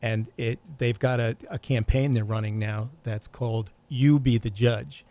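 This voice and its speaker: A man on a radio talk panel speaks in a measured, questioning manner. His voice sits at an ordinary pitch, and he restarts a phrase now and then. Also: fairly even intonation, dark tone. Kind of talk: radio talk show discussion.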